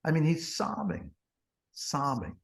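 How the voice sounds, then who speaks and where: A man's voice: mid-range voice, sing-song, takes it slowly, creaky. A man, a former TV producer guesting on a podcast, telling rambling, profane backstage anecdotes full of "he goes" and "blah, blah.". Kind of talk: anecdotal storytelling.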